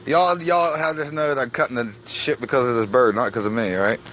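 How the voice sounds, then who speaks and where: A man's voice: mid-range voice, steady tone, brisk, a bit bright, slight background noise. A man, scared and sweating, cursing and shrieking as he tries to free a trapped bird at his back door. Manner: panicky, cursing, shrieking in fright. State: sweating, frightened. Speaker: vlogger. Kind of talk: filmed personal vlog. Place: at home by a back door, outside.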